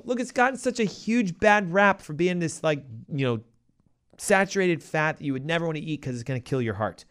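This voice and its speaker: A middle-aged man hosting a health show, giving emphatic, punchy advice full of rhetorical questions and quick asides. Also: mid-range voice, smooth. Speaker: health podcast host. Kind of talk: energetic health advice talk.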